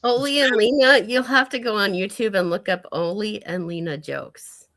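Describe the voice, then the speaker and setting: A woman's voice: mid-range voice, moderate pace, fairly bright tone. A woman in a casual livestream chat, chatty and teasing with frequent laughter.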